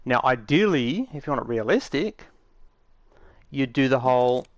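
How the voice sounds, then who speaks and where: A man of middle pitch talks through a tutorial in a loose, rambling way, full of fillers and restarts. His tone stays matter-of-fact. The sound is dry and close, with no room around it. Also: animated, normal speed, dry recording. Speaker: game tutorial maker. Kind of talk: casual screen-recorded tutorial.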